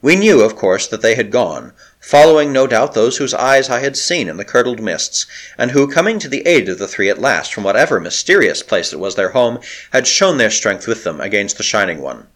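Expressive male storybook narrator. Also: mid-range voice, a little fast. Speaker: audiobook narrator. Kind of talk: scripted narration of a novel.

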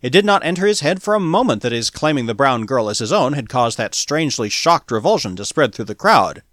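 A man narrating a pulp science fiction story as an audiobook in a dramatic, animated reading. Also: mid-range voice, fairly quick, dry recording, clean studio sound.

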